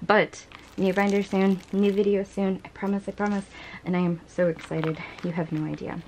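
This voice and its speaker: A woman's voice: mid-range voice, little pitch movement, normal speed, darkish tone, slight background noise, poor audio. A young woman vlogging casually as she unboxes and sorts her collectibles, gushing and giggling often.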